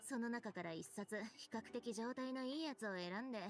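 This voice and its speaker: A woman's voice: on the high side, racing, natural voice. An actress voicing a friendly young female game character, telling a story in a chatty way. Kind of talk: Japanese game dub dialogue. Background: game music.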